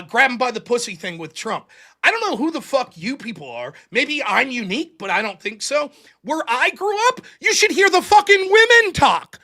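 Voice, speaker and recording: Male talk host, high bright voice, profane ranting style. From United States. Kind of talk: casual call-in show chat.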